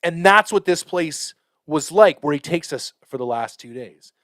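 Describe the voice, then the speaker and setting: A man hosting a podcast, telling a hunting story in a casual, profane, animated way with lots of fillers. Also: fairly high pitch, unhurried, dry recording. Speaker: podcast host.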